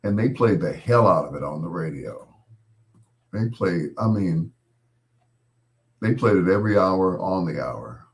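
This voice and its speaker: A man's voice: deep voice, lively intonation, a little slow, vocal fry, pauses often. A man working as a late-night radio DJ, chatting in a laid-back, storytelling way with casual slang.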